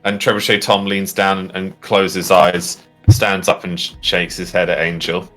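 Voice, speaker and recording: A man narrates a tabletop adventure as game master in a halting way, with many fillers and restarts. His voice is lowish with a bright, forward tone. Faint music plays underneath. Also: flat delivery.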